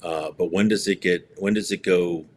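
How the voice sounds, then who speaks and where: Casting note: low-voiced male guest, rambling opinions, faint background hiss on the line. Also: steady tone, moderate pace, darkish tone. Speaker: guest hockey writer. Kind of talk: casual interview chat.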